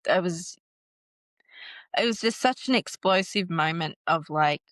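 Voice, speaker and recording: A woman recounting a painful personal story in an interview, halting and restarting, with nervous laughs. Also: on the low side, a bit bright, no echo. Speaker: guest telling her story.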